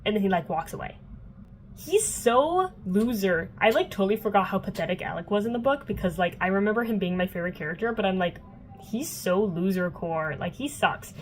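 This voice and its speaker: A young woman recapping a novel for her viewers in a loose, chatty flow, dropping "like" into nearly every phrase and swearing freely. Her pitch sits at an ordinary middle height, with a faint hum of noise behind her. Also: rapid-fire, hardly any pauses, low-quality recording. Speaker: book vlogger. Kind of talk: casual book recap.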